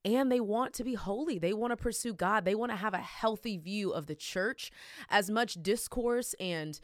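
A woman with a Texan accent hosting a faith podcast, talking in a loud, energetic and emotional way. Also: mid-range voice, normal speed, dry recording, studio quality. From Texas. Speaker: podcast host. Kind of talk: casual podcast chat.

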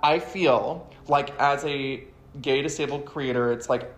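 A man in his thirties talking as a podcast guest, lively and quick to swear. He leaps up high and loud whenever he mimics other people. He sits at a middle pitch, and the room around him rings with echo. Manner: animated, swears often, goes high and loud for mocking quotes. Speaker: guest, writer and actor. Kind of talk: casual podcast chat. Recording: echoey room.

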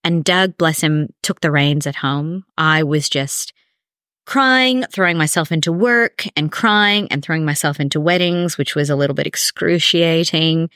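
A woman speaking as a podcast guest, telling a personal story in a candid, animated way. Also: deep voice, unhurried, no room sound, clean studio sound. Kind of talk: emotional personal conversation.

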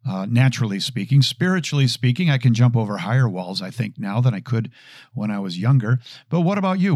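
A middle-aged man hosting a talk on scripture, who speaks earnestly and repeats verses slowly with shifting emphasis. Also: medium pitch, a little mellow, no room sound, studio quality. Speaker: host.

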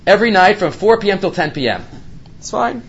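A man with a high, very lively voice leads a Torah study lecture. He peppers his English with Hebrew study terms and keeps asking rhetorical questions, then answers them himself. His pitch swings widely from line to line. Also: a little fast, slightly rough, highs cut off. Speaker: Torah class teacher.

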